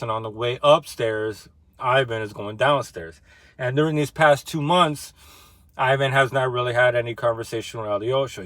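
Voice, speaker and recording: A man's voice: medium pitch, a bit bright, no room sound. A young man casually retelling a novel, loose and slangy, with lots of fillers and some swearing. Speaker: book discussion vlogger.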